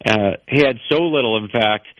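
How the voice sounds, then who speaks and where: A man from New York, an author guest on a radio talk show, telling personal stories in an earnest, animated way. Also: medium pitch, normal speed, dry recording, poor audio. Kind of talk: radio interview storytelling.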